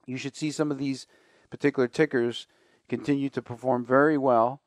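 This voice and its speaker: A man's voice: medium pitch, fairly even intonation, moderate pace, no echo, studio quality. A man hosting a finance radio show, talking casually and conversationally with fillers and asides.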